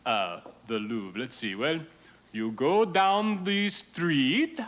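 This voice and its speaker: A man's voice: on the high side, slow pace, fairly bright tone. A man putting on a bumbling fake Frenchman. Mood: pompous rambling. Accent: put-on French accent. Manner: rambling, fumbling for English words. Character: fake French street painter, rambling and pompous. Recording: TV studio with audience laughter and noise.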